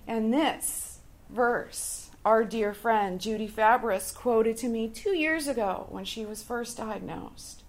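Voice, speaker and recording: A woman giving an earnest devotional reflection to a Bible study group, speaking deliberately with pauses between phrases. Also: fairly high pitch.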